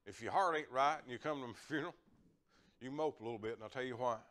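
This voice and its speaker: Older lay preacher, folksy, repeats himself, chuckles mid-sermon, mid-pitched man. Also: quick pace, fairly bright tone.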